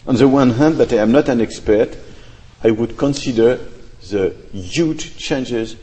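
A man's voice: medium pitch, unhurried, dark tone. A man answers an audience question in academic English, thoughtful and hesitant, hedging and restarting as he goes. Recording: echoey lecture hall.

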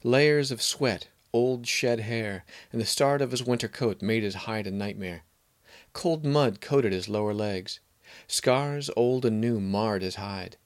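A man narrating a fantasy story in a measured, even storytelling manner. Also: fairly low pitch.

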